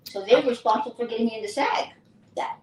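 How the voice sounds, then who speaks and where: An older woman, an actress, recounting her career in a lively, anecdotal interview style. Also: on the high side, fast, slight background noise. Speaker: actress and guest. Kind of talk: casual interview storytelling. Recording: roomy distant mic with faint ambience.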